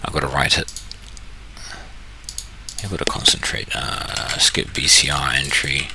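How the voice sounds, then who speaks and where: A man's voice: rumbling low, little pitch movement, unhurried, gravelly, background noise. A man from New Zealand casually walking through his screen, thinking aloud, correcting himself and joking as he goes. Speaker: trading channel host. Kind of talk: casual screen-share walkthrough.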